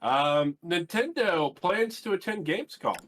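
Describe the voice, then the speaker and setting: A man's voice: sits high, lively intonation, a little slow, fairly bright tone, slight background noise. A man hosting a gaming news podcast in casual chat, with frequent fillers and the odd swear. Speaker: podcast host.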